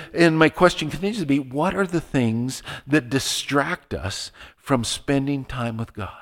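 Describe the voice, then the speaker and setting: A man's voice: mid-range voice, big-room sound. A man preaching a sermon as a pastor, telling a personal story in a conversational way with frequent restarts. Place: church sanctuary.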